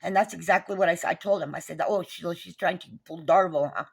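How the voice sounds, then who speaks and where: A woman from New Mexico rants in an angry vlog about a neighbor dispute, agitated, profane and repetitive. Her lowish voice is gravelly and husky, and she talks fast.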